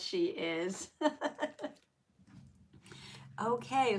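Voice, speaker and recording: A woman hosting a craft journaling live stream, greeting viewers by name in a folksy, chatty way with soft laughs. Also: mid-range voice, slight background noise. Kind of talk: casual live-stream chat.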